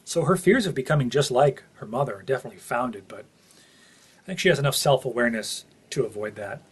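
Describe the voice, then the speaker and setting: A man with a mid-pitched, slightly husky voice gives a casual spoken review of a TV episode. He is earnest and opinionated, working out his thoughts aloud as he talks. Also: expressive, quick pace.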